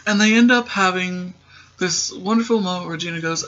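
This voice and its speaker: A man's voice: high voice, steady tone, normal speed, pushed and bright. A man casually recapping a TV episode with sarcastic, rambling asides, in a dull lo-fi recording. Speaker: show recap host.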